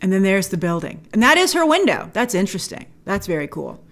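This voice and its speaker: A woman hosting a movie trailer reaction, her voice pitched in an ordinary middle range. She talks in a chatty, enthusiastic way, often stopping to restart a thought. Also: sing-song, a little fast, fairly bright tone. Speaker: film trailer reviewer host. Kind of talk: casual trailer reaction commentary.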